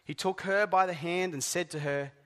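Male pastor, high voice, slow and emphatic sermon delivery, long hall reverb. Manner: deliberate, emphatic preaching with soft, hushed drops.

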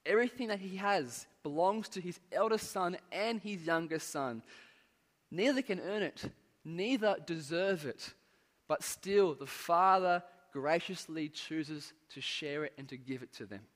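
A man preaching a sermon, earnest and measured, pressing words for emphasis and letting phrase endings fall away. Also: a little high, expressive, a bit bright. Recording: long hall reverb.

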